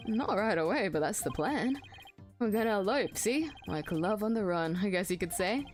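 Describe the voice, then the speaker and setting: A woman putting on a lowered voice for a brash, boastful, flaky man from a visual novel. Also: animated, moderate pace, soft background music, natural voice. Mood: cocky.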